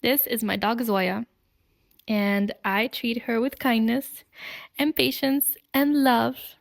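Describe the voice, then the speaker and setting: A woman telling her own life story to camera in an earnest, deliberate way, pausing between short phrases. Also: on the high side, steady tone, vocal fry, no room sound. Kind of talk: slow confessional storytelling.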